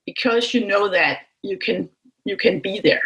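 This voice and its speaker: A woman's voice: medium pitch, gravelly, a bit bright, low-quality recording. Reflective woman guest on a podcast. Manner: reflective, halting, with many restarts. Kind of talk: conversational interview.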